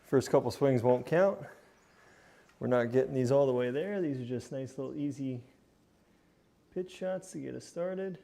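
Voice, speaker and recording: A man's voice: mid-range voice, normal speed, vocal fry, pauses often, warm tone. A man streaming from his home golf simulator, casually talking viewers through his practice swings and repeating his points. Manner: coaching, talks to viewers as a group, repeats himself. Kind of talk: casual commentary while hitting practice shots.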